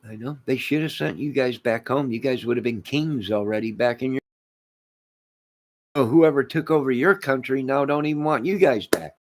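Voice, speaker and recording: A man hosting his own channel, delivering a rambling rant to camera, emphatic and repetitive, swinging between loud declarations and muttered asides. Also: mid-range voice, normal speed. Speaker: channel host.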